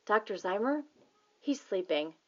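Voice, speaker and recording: A woman voicing a sleepy, gruff man with a husky voice answering the phone. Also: medium pitch, lively intonation, a little slow, a little mellow, lo-fi sound, lightly acted.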